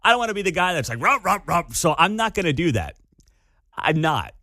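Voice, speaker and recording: A man's voice: on the high side, big pitch swings, fairly quick, pushed and bright, dry recording. A man hosting a talk radio show, delivering an opinionated monologue with an incredulous, sarcastic edge. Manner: incredulous, sarcastic, laughs at the absurdity. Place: radio studio. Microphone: studio microphone.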